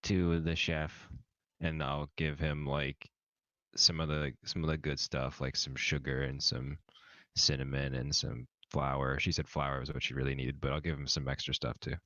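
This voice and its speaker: A man with an extremely deep voice chats at a tabletop game, halting and searching for words. The sound is dull and lo-fi. The recording is dry, with no room sound. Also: flat delivery, fairly bright tone, dry recording. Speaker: player. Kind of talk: casual table talk.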